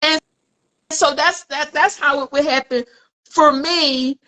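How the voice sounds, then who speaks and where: Bright-voiced woman telling a candid story. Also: high-pitched, fairly even intonation, takes it slowly, rough recording. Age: 40s. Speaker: podcast co-host. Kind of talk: casual podcast conversation.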